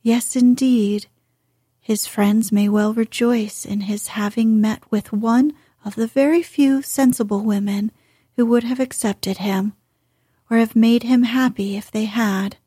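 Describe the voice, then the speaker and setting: A spirited, quick-witted young lady from a classic novel , read by a woman narrator. She answers politely, taking her time. Her voice is mellow and slightly husky, recorded dry and close. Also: on the high side, fairly even intonation, no room sound.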